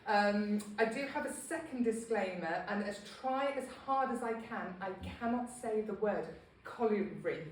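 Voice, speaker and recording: A woman's voice: mid-range voice, normal speed, hardly any pauses, far from the mic, a little hiss or hum. A woman giving a casual local history talk to a small group, chatty and self-deprecating with many ums. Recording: echoey room, speaker off-mic.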